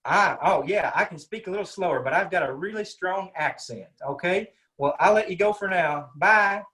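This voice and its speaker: A man's voice: high voice, moderate pace, bright, forceful tone, voice pushed up. A man voicing Cletus, a friendly, rambling male Texan cousin with a Texas accent who stammers and keeps coaxing people to interrupt him, heard over a video call. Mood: chummy.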